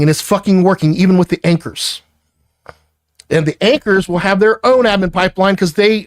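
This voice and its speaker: High-voiced guy chewing out his employee, cursing nonstop, dead dry room. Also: no room sound. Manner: angry, profane, lecturing. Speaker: business owner confronting an employee. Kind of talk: heated work argument.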